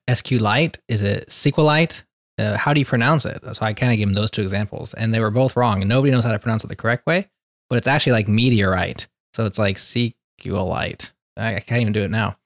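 A man hosting a podcast, telling stories in a casual, animated, joking way. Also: lowish voice, no room sound, studio quality. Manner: animated storyteller, quick and joking. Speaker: podcast host. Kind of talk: casual panel chat.

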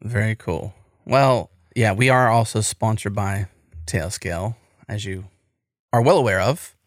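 A man's voice: on the low side, a little slow, no echo, clean studio sound. A man with an American accent hosting a podcast, talking in an enthusiastic, rambling way. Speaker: podcast host. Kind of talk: casual podcast chat.

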